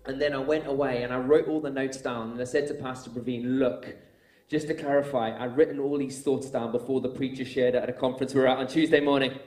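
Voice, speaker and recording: A man preaching a sermon, telling stories earnestly and rising to loud, emphatic peaks. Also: medium pitch, steady tone, fast. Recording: echoey room.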